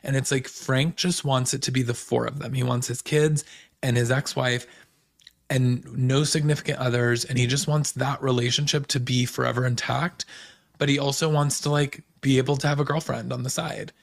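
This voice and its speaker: A man's voice: mid-range voice, fairly even intonation, normal speed, creaky. A man hosting a podcast, chatting casually and gossipily about reality TV, full of fillers like "um" and "you know". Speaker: podcast host. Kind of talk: casual recap chat.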